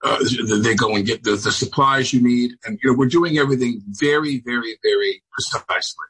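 A man on a video call from home, chatting as a talk show guest, halting and restarting often, with dry sardonic humor. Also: mid-range voice, a bit bright, breathy edge, low-quality recording. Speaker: celebrity guest. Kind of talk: casual interview chat. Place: home on Long Island.

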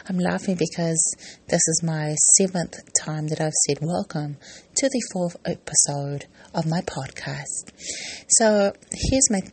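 A woman's voice: fairly low pitch, warm tone, slight background noise. A woman hosting her own podcast, telling a family story in a rambling, chatty way and correcting herself as she goes. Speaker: podcast host. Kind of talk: casual personal podcast monologue.

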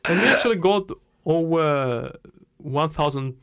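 A man's voice: fairly high pitch, animated, a little slow, crowd noise. A man from Russia with a Russian accent, co-hosting a casual podcast in non-native English and laughing often. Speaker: podcast co-host.

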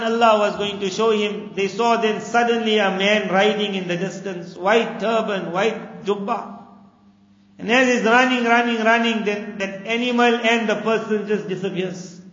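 A man's voice: sits high, a bit bright. Man preaching in an echoey hall. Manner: repeats words for emphasis. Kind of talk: sermon storytelling. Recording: dull echoey hall recording.

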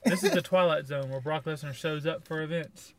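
A man's voice: fairly high pitch, steady tone, fairly quick. A man co-hosting a podcast, giving blunt, sarcastic opinions in casual review chat. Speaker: podcast co-host.

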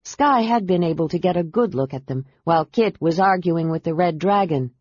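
A woman reading a fantasy novel aloud as audiobook narrator, with a measured, steady delivery. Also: lowish voice, breathy edge, no room sound. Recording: dull dry audiobook recording.

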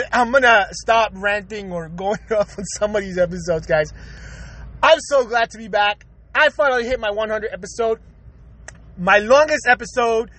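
A man's voice: high-pitched, a bit bright. A man hosting his own podcast, ranting in a profane, rambling way and laughing often. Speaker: podcast host. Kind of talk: casual podcast rant.

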